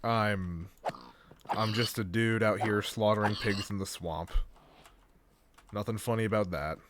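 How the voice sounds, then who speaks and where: Chill dude gaming and chatting, kinda low voice, keys clacking in the background. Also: male voice, steady tone, measured pace, noisy background. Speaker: stream guest. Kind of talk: casual chat while gaming.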